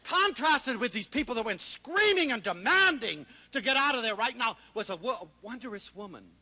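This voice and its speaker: A man lecturing with great passion, his voice bright and ringing, riding a high, lively pitch that leaps and drops. He swings from loud, excited exclamations to soft, hushed asides as he tells his stories. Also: normal speed. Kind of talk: passionate public talk.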